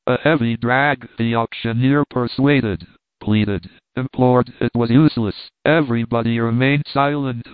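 A man narrating a storybook in a slow, measured, even reading. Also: mid-range voice, dry recording. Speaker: audiobook narrator. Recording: thin phone-like dry sound.

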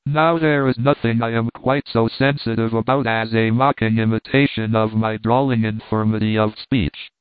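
A man reads a story aloud, steady and deliberate, in a smooth, resonant voice. The sound is dry and squeezed into a tinny, phone-like band. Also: fairly low pitch, no echo. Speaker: narrator. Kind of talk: audiobook reading.

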